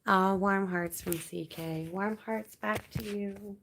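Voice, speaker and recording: A woman's voice: mid-range voice, steady tone, slow pace, vocal fry, a bit bright. A woman from Canada hosting a late-night livestream, chatting casually and reading viewer comments aloud in a rambling way. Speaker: livestream host.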